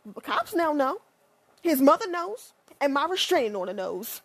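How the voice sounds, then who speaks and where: A woman ranting in a blunt, profane and sarcastic monologue, leaping up and down in pitch. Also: normal speed. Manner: animated, with sudden pitch jumps.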